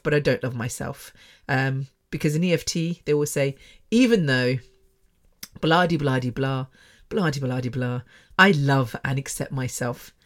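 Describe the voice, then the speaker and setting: This podcast host, a middle-aged woman recording in her bedroom on a microphone, has a deep yet slightly bright voice. She delivers a frank, emotional personal monologue, laughing a lot and starting sentences over.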